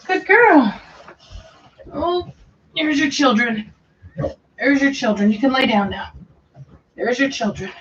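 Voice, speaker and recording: A woman's voice: high-pitched, animated, a little slow, pauses often. A middle-aged woman talking casually to her dogs and soothing newborn puppies in baby talk. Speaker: dog breeder filming a puppy watch. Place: home room with dogs. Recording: dull distant home recording.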